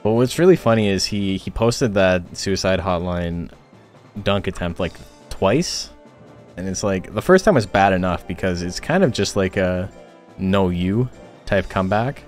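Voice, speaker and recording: A man's voice: low-pitched, lively intonation, a little slow, faint music behind. A man casually commenting on a game tournament stream, rambling with frequent filler words.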